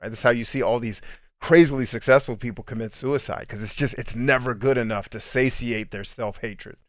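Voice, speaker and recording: A man's voice: medium pitch, steady tone, fairly quick, no echo. A man in the middle of his range talks through a self-help podcast, plain-spoken and emphatic. The sound is dry and close, with no room around it. He mixes casual swearing with conversational asides to the listener. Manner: blunt, emphatic, profane; conversational, frequent "right?" asides. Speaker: podcast host and coach. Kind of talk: motivational podcast monologue.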